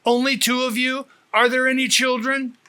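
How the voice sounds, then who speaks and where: A man's voice: very high-pitched, measured pace, vocal fry, bright, forceful tone, full character voice. A man voicing a frightened police officer who calls people to safety during a storm, urgent and pleading.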